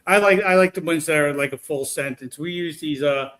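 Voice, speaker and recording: Speaking briskly in a slightly high voice, a man casually recounts his paranormal investigations in a long, meandering tale. He's animated and keeps restarting his sentences.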